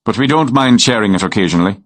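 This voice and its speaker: A man's voice: fairly low pitch, expressive, quick pace. Man voicing a genial Irish farmer, lilting brogue. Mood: easygoing. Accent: Irish, West Country brogue. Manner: easygoing, teasing. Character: friendly Irish farmer man around thirty.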